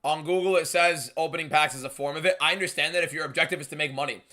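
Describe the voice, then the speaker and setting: A young man hosting a live fight watchalong, reading viewer messages aloud and talking in an emphatic, shouty way. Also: on the high side, racing. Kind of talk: live stream chat and fight commentary.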